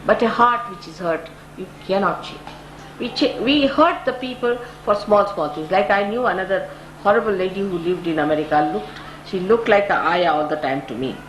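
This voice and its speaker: An older woman gives a spoken devotional talk to followers. She tells stories with sudden high lifts for emphasis. The recording is roomy and echoey, with a steady noise bed underneath. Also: moderate pace. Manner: storytelling, rises sharply when stressing points. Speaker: spiritual teacher. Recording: echoey room with audible noise.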